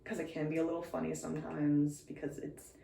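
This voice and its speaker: A woman's voice: low-pitched, level tone, brisk, gravelly, mellow, distant mic. A young woman vlogging in a casual, rambling way with many fillers, now and then with a slight lisp, recorded on a phone. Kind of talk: casual chat. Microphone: phone camera. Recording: echoey room.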